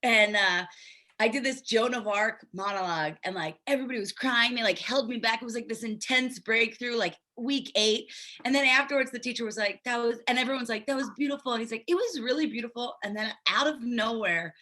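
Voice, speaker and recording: A woman's voice: fairly high pitch, fairly quick, pushed and bright. A woman from Delaware County, Pennsylvania, hosting a casual podcast chat and telling rambling stories with plenty of swearing, talking from an office. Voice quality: swears freely, rambling storyteller. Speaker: podcast host. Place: funeral home office.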